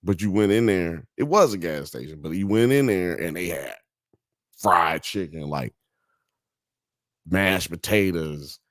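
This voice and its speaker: A man with a Southern US accent hosting a casual podcast chat, telling loud, animated stories full of impressions. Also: sits low, measured pace, pauses often, dry recording, clean studio sound. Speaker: podcast host.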